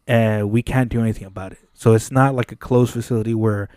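Mellow-voiced man telling a story. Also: fairly low pitch, quick pace, smooth, no room sound, clean studio sound. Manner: animated, swears often, acts out quoted dialogue. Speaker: podcast co-host. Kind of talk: casual storytelling chat. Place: podcast studio.

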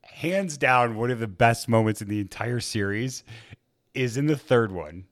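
A man's voice: mid-range voice, animated, measured pace. A man in a casual podcast chat, rambling with lots of fillers and frequent laughs. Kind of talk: casual chat about movies.

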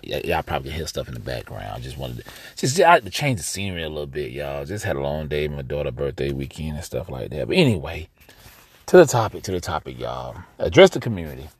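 A young adult American man with a rumbling low voice and an African American English accent hosts a casual podcast monologue outdoors. He talks straight to listeners, calling them "y'all," in a conversational, emphatic manner. There's no echo.

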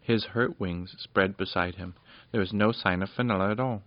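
Low voiced guy reading a kids storybook, steady, muffled dry recording. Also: moderate pace, dry recording. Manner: plain, steady reading with small slips. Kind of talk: reading a children's storybook aloud.

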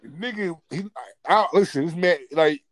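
A man telling a funny story from his school days in a loose, animated way, repeating himself and laughing. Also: high-pitched, moderate pace, no echo. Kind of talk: casual storytelling.

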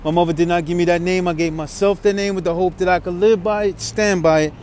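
New york guy podcasting while he walks, emotional, slangy, kinda high voice, light street noise behind. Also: fairly even intonation, fast, darkish tone. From New York City. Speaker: podcast host. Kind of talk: walking monologue podcast. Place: city street outdoors, walking. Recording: faint street noise outdoors. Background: street traffic noise.

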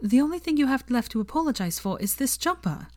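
A woman reading a fan story aloud, voicing a quick-witted young woman who sounds tearful yet teasing. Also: high voice, very animated, a little mellow, voice pushed up.

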